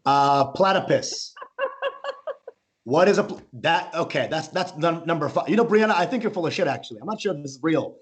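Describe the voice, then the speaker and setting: A man's voice: fairly high pitch, expressive, brisk. A male comedian doing a stand-up set, rambling, interrupting himself and laughing at his own jokes.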